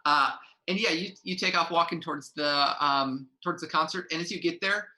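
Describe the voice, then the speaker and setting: Rambling game master, bright voice. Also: mid-range voice, fairly quick, rough recording. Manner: rambling with many fillers. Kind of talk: narrating a tabletop game.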